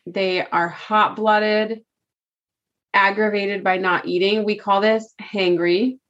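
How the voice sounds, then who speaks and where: A woman's voice: medium pitch, fairly even intonation, takes it slowly, fairly bright tone. A woman co-hosting a podcast in casual chat, talking freely, thinking aloud and laughing easily. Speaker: podcast co-host. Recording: slightly dull lo-fi sound.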